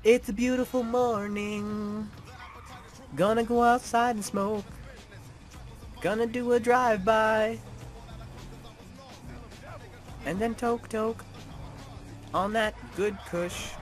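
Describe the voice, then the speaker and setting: A man's voice: high-pitched, fairly even intonation, slow pace, pauses often, soft background music, voice pushed up. A man putting on a lazy stoner character who sings about his morning in a drawled, sing-song way. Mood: dreamy.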